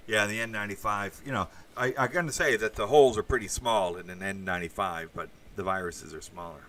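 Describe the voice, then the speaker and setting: A man's voice: lowish voice, a little fast, fairly bright tone, distant mic. A man hosting a casual livestream, chatting with viewers in a rambling way and swearing now and then. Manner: rambling, with asides and crude swearing. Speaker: podcast host reading live chat.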